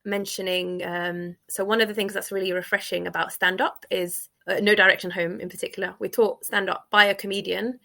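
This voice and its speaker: A woman's voice: medium pitch, level tone, a little fast, creaky, hardly any pauses, pushed and bright. A young woman, a stand-up comedian chatting in an interview and laughing through her stories. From United Kingdom. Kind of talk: casual interview, with comic set excerpts.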